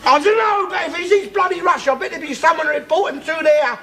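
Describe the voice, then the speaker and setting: An actor playing a bigoted, ranting middle-aged working-class man in a 1970s television sitcom, loud and blustering and swearing constantly. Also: very high voice, fairly even intonation, fast, vocal fry, a crowd in the background. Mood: shouting. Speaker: sitcom character. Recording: hissy old television recording.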